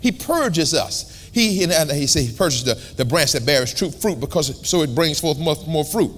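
A pastor preaching in a church, repeating key words and calling for congregation responses in a colloquial, emphatic manner. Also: male voice, on the high side, animated, moderate pace, fairly bright tone. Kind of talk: sermon with call and response. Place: church sanctuary.

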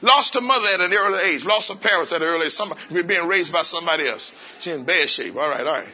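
A man preaching an interactive sermon, coaxing answers from the congregation and repeating phrases in quick call-and-response bursts. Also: a little high, pushed and bright, a faint crowd. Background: congregation voices and laughter.

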